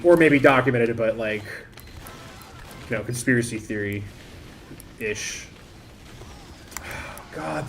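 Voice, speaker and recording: A man rambles through casual live-stream commentary, thinking aloud and cutting himself off mid-thought. His voice sits at an ordinary middle pitch. Faint keyboard typing ticks along behind him. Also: a little hiss or hum. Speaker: game streamer.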